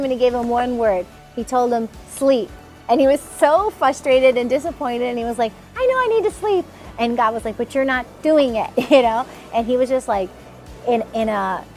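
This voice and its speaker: A woman's voice: mid-range voice, darkish tone. A woman hosting a daily devotional, talking in an earnest, conversational way and repeating words for emphasis. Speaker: devotional host. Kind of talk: devotional talk.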